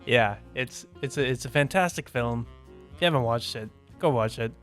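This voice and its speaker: A man's voice: mid-range voice, moderate pace, fairly bright tone, faint music behind. A man co-hosting a casual movie podcast, giggling often and rambling with lots of "like" and "you know". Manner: giggly, filler-heavy rambling. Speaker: podcast co-host.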